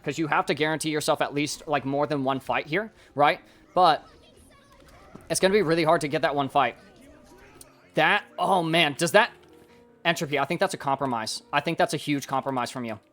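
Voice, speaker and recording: A somewhat high-voiced man coaches a player through recorded gameplay, talking things through out loud in a rambling, excitable way. Faint music plays underneath his voice. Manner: excitable, rambling, thinks aloud. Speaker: game coach reviewing gameplay. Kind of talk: casual live-stream coaching commentary.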